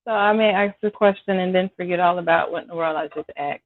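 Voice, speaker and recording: Hosting a live cooking stream from her home kitchen, a fast-talking woman with a fairly low pitch greets viewers by name in casual chat. She keeps apologizing as she clears her scratchy throat, and the audio comes across dry and tinny, phone-like.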